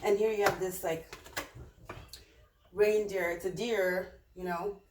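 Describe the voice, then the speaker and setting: A woman's voice: mid-range voice, steady tone, slow pace, a little mellow, recorded from a distance. Chatty woman doing a tarot reading. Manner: chatty, rambling, with many fillers. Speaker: tarot reader. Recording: roomy, off-mic with faint noise.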